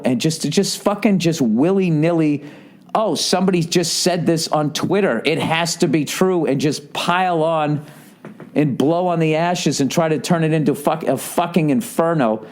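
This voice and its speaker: A man's voice: on the high side, darkish tone. Profane, rambling man on a podcast. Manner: rambling, profane storytelling with frequent swearing and "right?" asides. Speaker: comedian hosting his podcast. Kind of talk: casual podcast monologue.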